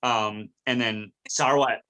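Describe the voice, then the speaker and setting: A man's voice: mid-range voice, takes it slowly, smooth. A man hosting a podcast, casually and animatedly recapping an episode scene by scene. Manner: animated storytelling, recounting scenes. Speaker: podcast host.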